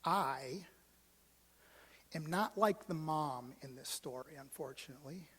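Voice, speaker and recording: Pastor preaching in a reverberant hall. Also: male voice, on the high side, a little slow, husky. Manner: swings from hushed to loud and animated. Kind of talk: storytelling sermon. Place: church sanctuary. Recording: long church hall reverb.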